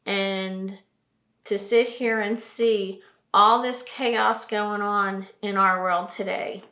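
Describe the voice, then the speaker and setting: Woman, trucking vlogger, earnest and tearful, unhurried delivery, reverberant space. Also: medium pitch, fairly even intonation, pushed and bright. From New Jersey. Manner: slow, earnest, repeats phrases for emphasis. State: tearful and emotional. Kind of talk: heartfelt vlog monologue.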